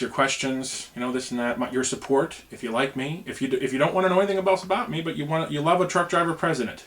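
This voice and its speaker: A man's voice: on the high side, a bit bright. Earnest rambling man on camera. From United States. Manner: earnest, rambling, conversational, many "you know"s. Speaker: truck driver running for president. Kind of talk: casual campaign video to camera.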